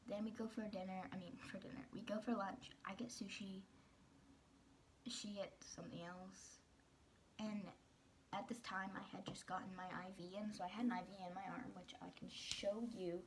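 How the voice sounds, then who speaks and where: A teenage girl talks straight to the camera, telling her own story in a candid, rambling way full of "um" and restarts. Her voice sits at a middle pitch, and faint background noise runs under it. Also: level tone, normal speed. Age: teens. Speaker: vlogger. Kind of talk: personal storytelling vlog.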